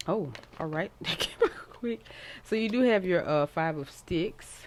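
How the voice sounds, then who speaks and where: A woman casually giving a tarot reading to her viewers, encouraging and repeating herself, with sudden excited jumps in pitch. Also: a little slow, slight background noise. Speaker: tarot card reader.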